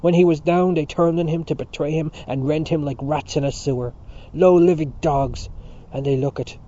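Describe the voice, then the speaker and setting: A man doing a loud, scornful blustering father. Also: medium pitch, fairly even intonation, fairly quick, dull audio, close to an everyday voice. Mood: furious. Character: bitter, blustering middle-aged Irish father.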